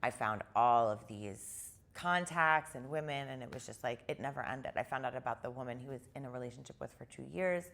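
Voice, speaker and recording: A woman with a deep voice and a gravelly, vocal-fry edge, talking as a guest in a casual interview. She retells events in an animated way and fills her sentences with "like.". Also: a little fast. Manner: animated retelling, heavy use of "like".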